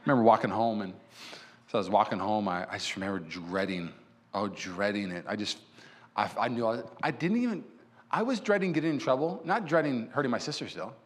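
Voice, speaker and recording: A male pastor preaching a sermon in a church, telling stories in an animated way and acting out what people said. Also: on the low side, a little fast. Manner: animated storyteller who acts out quotes. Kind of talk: sermon with personal storytelling.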